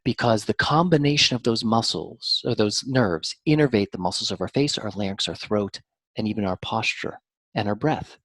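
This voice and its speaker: A man speaking as a therapist guest, explaining in an animated, teacherly way and shifting his intonation on purpose. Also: lowish voice, moderate pace, no echo. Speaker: mind-body therapist guest. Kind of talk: explanatory interview talk.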